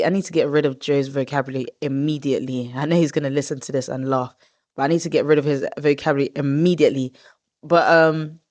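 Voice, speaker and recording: A woman in her twenties hosting a podcast in casual chat. She talks in an expressive, rambling way, with drawn-out groans of disgust. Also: low voice. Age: 20s. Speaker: podcast host.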